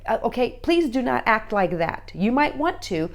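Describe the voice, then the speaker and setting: A woman's voice: fairly high pitch, sing-song, normal speed. Woman coaching parents to camera, keeps asking "okay?", acts out little quotes. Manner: coaching, checks in with repeated "okay?". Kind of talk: direct-to-camera advice talk.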